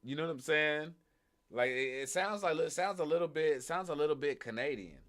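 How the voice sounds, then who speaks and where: A man's voice: on the high side, a little fast. A man streaming live reactions to videos, talking loosely and profanely, often repeating himself. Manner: loud, profane, repeats himself, laughing asides. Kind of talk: casual live reaction commentary.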